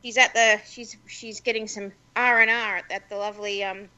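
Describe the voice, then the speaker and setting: A woman's voice: mid-range voice, level tone, normal speed, pushed and bright, lo-fi sound. A woman with an Australian accent, co-hosting a radio show and telling a story in a chatty, wry way. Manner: chatty, wry, self-deprecating. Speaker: radio co-host.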